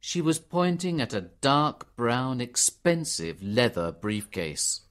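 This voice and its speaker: Slow, expressive male story narrator. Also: mid-range voice, smooth. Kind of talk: graded reader audiobook narration.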